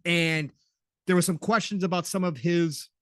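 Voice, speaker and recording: A man co-hosting a casual gaming podcast, enthusiastic and quick to chime in with agreement. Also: sits high, fairly even intonation, no echo, clean studio sound. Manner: enthusiastic, talks over his co-host with quick agreements. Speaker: podcast co-host.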